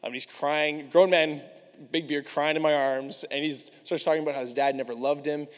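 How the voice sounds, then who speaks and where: A man's voice: fairly high pitch, steady tone, moderate pace. A male preacher telling a personal story to his church in a candid, casual way, full of "like". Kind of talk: storytelling sermon. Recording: long reverb of a large hall.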